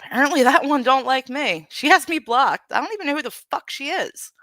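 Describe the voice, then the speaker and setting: Bright-voiced woman ranting on stream. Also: sits high, lively intonation, brisk, no echo, studio quality. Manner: profane, blunt, venting. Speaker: livestream host. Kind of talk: heated livestream rant.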